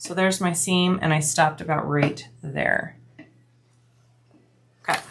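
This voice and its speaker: A woman's voice: fairly low pitch, fairly even intonation, slow, background noise. Chatty woman demonstrating bag sewing. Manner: chatty, explains each step while working. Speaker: bag-making tutorial host. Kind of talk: casual sewing tutorial.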